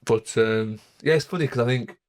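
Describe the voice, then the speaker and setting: A man's voice: medium pitch, moderate pace, dry recording, clean studio sound. A young man co-hosting a podcast, telling a parenting story in an earnest, reflective way with lots of fillers. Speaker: podcast co-host. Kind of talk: casual chat.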